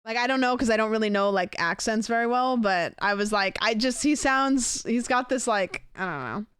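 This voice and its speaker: Smooth-voiced woman streamer, chatting. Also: a little high, animated, normal speed, fairly bright tone, no room sound, studio quality. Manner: rambling and curious, full of fillers and self-questions. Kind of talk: casual live-stream chat while gaming.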